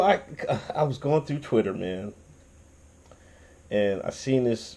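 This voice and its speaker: A young man hosting his own channel, ranting in casual commentary with lots of swearing and restarts. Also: fairly low pitch. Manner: profane, animated ranting with restarts and laughs.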